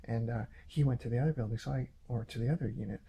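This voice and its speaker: A man's voice: mid-range voice, fairly even intonation, fast, creaky, warm tone, a little hiss or hum. A man delivering an aggrieved, repetitive, accusatory monologue straight to camera. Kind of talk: ranting monologue vlog.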